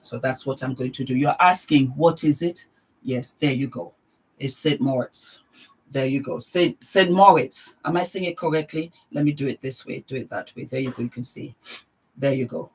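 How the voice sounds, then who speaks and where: A woman's voice: extremely low pitch, fairly quick, darkish tone, husky, poor audio. A middle-aged woman vlogging a casual beauty product demonstration, gushing and exuberant, repeating her words of praise.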